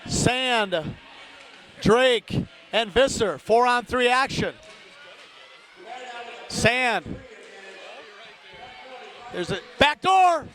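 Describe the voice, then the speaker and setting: Male play-by-play hockey announcer, very high voice, rapid name calls, chatty asides to listeners. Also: animated. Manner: rapid-fire calls of player names, rising to shouts on big plays. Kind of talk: live play-by-play commentary.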